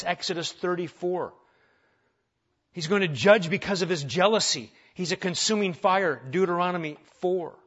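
A male pastor gives a conversational sermon full of rhetorical questions and humorous asides, his voice sitting a little high for a man. The recording sounds dull and lo-fi, though a bit bright.

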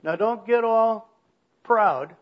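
A man preaching an expository sermon, speaking emphatically and pushing his voice up in pitch and volume to stress key points. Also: takes it slowly, lo-fi sound.

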